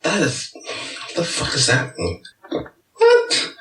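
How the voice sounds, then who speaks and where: A man's voice: medium pitch, sing-song, a little slow, sharp tone, reverberant, recorded from a distance. A man on a casual podcast panel, bemused and incredulous at the quotes.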